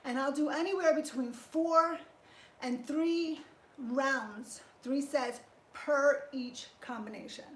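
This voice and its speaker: Speaking slowly in a high-pitched voice, a female trainer talks through her live workout, keeping it chatty and upbeat as she exercises. The session takes place indoors, in a room with echo and faint background noise.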